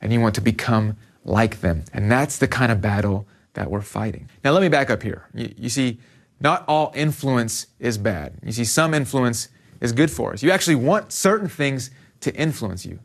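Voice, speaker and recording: A man preaching a youth sermon to teenagers in a conversational, animated storytelling way. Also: mid-range voice, normal speed, creaky. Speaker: youth pastor.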